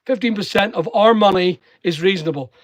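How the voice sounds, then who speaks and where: A man's voice: sits high, a little fast, no room sound, low-quality recording. A man from Northern Ireland with a mixed Northern Irish and English accent, chatting on a live stream as he reads out viewer comments and answers each one with jokes. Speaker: online seller and live streamer. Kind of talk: live stream reading chat aloud.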